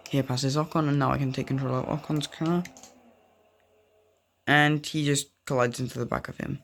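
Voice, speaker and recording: This young gaming video creator offers rambling, offhand commentary on racing gameplay, frequently sliding into side topics. His medium-pitched voice is gravelly yet fairly bright, steady and moderately paced, with a little hiss or hum audible.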